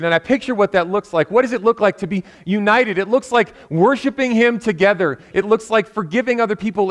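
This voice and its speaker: A man preaching a sermon in a church, telling a story earnestly and building to impassioned appeals, with frequent restarts. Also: high-pitched.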